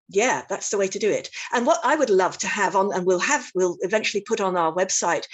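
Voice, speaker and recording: A woman lecturer answering questions in an online talk, thoughtful and hesitant, with many fillers and restarts. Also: fairly low pitch. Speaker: guest lecturer. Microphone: video call.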